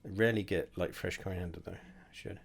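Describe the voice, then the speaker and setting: Tipsy rambling man with a low voice. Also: fairly even intonation, fairly quick, creaky, a little hiss or hum. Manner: rambling, sweary, self-mocking. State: drunk. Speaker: host of a drinks tasting video. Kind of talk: casual tipsy tasting monologue.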